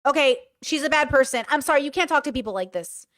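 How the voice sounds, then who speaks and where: A woman's voice: high-pitched, expressive, fast talker, a bit bright, no room sound, clean studio sound. A woman giving casual reaction commentary, reading messages aloud and passing blunt, slangy judgments.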